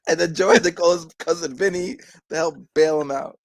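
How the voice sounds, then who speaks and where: A man in a casual podcast chat, dropping in quick joking asides as a co-host. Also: a little high, creaky.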